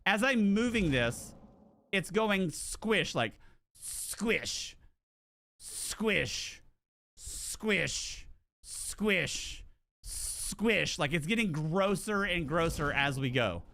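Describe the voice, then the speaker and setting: Animated, bright-voiced male streamer. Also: high voice, slow. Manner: animated, swears, restarts and repeats words. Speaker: game streamer. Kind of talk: casual livestream storytelling.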